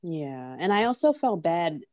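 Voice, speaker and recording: An animated woman in a casual podcast chat, talking in a slangy, lively way and tossing out one rhetorical question after another. Her voice sits a little low, and the sound is close and dry. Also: unhurried, no room sound. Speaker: podcast co-host. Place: at her workplace.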